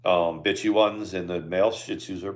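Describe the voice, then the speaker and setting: A middle-aged man co-hosting a casual live stream with his wife, talking in a laid-back, halting way and often restarting his sentences. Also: deep voice, fairly even intonation. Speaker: co-host of a couple's live stream. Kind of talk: casual chat.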